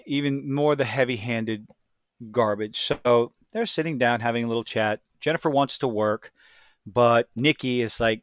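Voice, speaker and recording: A man's voice: medium pitch, moderate pace, dry recording, studio quality. A man talking casually as he reviews a show, blunt and rambling, with self-deprecating asides.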